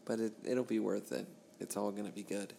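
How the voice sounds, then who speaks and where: Gravelly man with a Southern twang. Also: on the low side, fairly even intonation, a little fast, dark tone, a little hiss or hum. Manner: blunt, joking, teasing. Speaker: podcast co-host. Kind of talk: casual chat.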